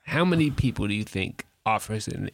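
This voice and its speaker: A man's voice: fairly low pitch, lively intonation, brisk, vocal fry. A man telling a funny story in casual chat with friends, laughing often. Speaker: podcast co-host.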